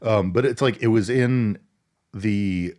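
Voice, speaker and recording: A man with a fairly low voice casually recaps a movie for a podcast. He tells the plot in a laid-back, joking way, with crude humor mixed in. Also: takes it slowly, darkish tone. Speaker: podcast co-host.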